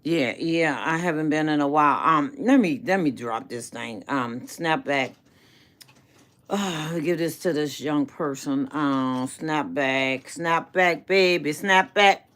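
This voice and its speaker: Slow, bright-voiced middle-aged woman host. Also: low-pitched. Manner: affectionate, calls viewers baby; chatty and rambling, with faith-based encouragement. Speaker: channel host. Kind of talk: casual live-stream chat answering viewers.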